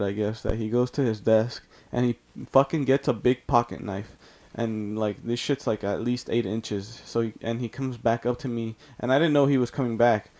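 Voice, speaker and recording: This storytime YouTuber from California, with a medium-pitched, darkish voice, tells a story casually while gaming. His delivery is meandering and profane, packed with fillers and constant "like."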